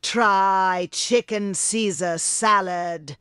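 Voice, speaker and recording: Very slow, smooth text-to-speech voice. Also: medium pitch, dry recording, studio quality. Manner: flat synthetic reading of messages. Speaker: text-to-speech donation reader.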